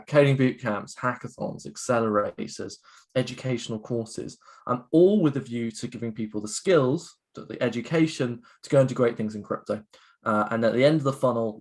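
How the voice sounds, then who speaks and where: Chatty upbeat man on a video call. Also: medium pitch. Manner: chatty, upbeat, filler-heavy. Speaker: guest speaker, education co-founder. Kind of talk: interactive online talk.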